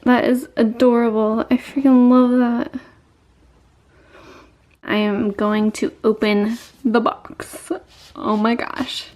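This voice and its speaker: Young woman unboxing makeup, high mellow voice, keeps squealing and gushing, slow easy pace. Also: fairly even intonation. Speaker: beauty vlogger. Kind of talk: excited unboxing vlog. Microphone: camera mic.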